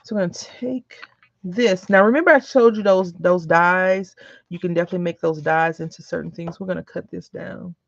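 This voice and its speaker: Woman, rambling crafting vlogger, gravelly fry, dry dull lo-fi sound, chats through stories. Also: fairly low pitch, moderate pace, dry recording. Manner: chatty, rambling, tells anecdotes. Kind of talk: casual chat while crafting. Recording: dull lo-fi recording.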